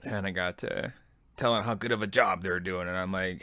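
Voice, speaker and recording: A man in his thirties, an army veteran, telling his own story as a podcast host in a relaxed, self-deprecating way. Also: low voice, fairly quick, no echo. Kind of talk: personal memoir storytelling.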